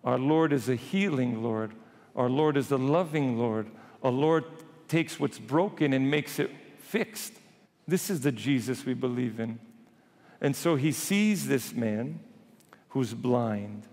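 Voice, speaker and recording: A man preaching a sermon as a priest, retelling scripture in lively everyday voices. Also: mid-range voice, slow pace, long reverb tail.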